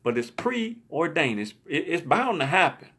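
A man's voice: fairly high pitch, big pitch swings, a little slow, pushed and bright, husky. A man preacher telling a story in a sermon, emphatic and often repeating his words.

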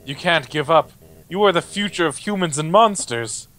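A big, kindly goat king, as a man puts him on, soft-spoken and fond of his wife. His voice rises and falls in lively swoops over faint game music. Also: fairly high pitch, normal speed, voice pushed up. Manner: soft, warm-hearted, bemused. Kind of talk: reading game dialogue aloud.

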